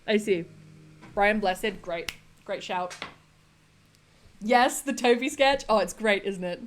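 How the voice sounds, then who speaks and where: A woman's voice: mid-range voice, expressive, slow, long pauses. A woman chatting casually on a livestream, laughing often and quoting comedy lines. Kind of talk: casual chat with chat while gaming.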